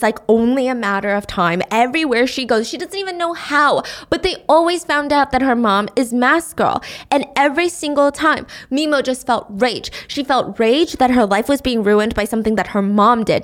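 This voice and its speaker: A woman casually retelling a drama's plot as host, acting out the characters' lines in raised voices. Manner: animated, acts out character lines in high voices. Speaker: show recap host. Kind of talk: casual storytelling recap.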